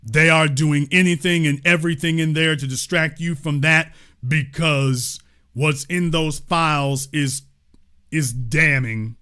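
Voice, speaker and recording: Bright-voiced man, fiery political commentary. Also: fairly high pitch, steady tone, unhurried. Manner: preaching, rising to near-shouts, mocking quoted voices.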